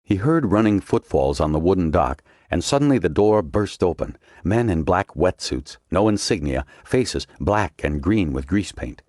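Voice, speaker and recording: Low deep guy reading an audiobook, lots of ups and downs, dead dry mic. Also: animated, moderate pace, few pauses, a little mellow, dry recording. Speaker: audiobook narrator. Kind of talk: scripted narration.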